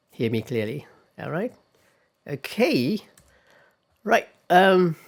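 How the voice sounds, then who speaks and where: Man lecturing, pausing on okay. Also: fairly high pitch. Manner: measured, often pausing with "okay" and "all right"; models sample words aloud. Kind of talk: classroom lecture on pronunciation.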